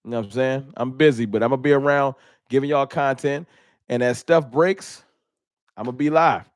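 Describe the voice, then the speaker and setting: A man's voice: mid-range voice, fairly even intonation, brisk, dry recording, studio quality. A man hosting a fan live stream, chatting casually and animatedly, joking and laughing at his own bits.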